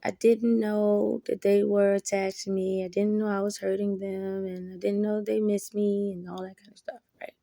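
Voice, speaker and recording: A woman's voice: medium pitch, level tone, moderate pace, creaky, few pauses, mellow, no room sound, studio quality. A woman giving a candid, reflective monologue to camera, blunt and full of profanity. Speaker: vlogger.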